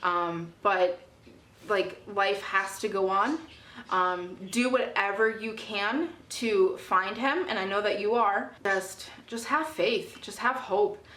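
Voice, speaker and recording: A woman's voice: mid-range voice, slow, a bit bright, roomy sound. A young woman telling a casual storytime about her parrot, chatty, with many fillers. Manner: chatty, many ums and you-knows. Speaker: parrot vlogger.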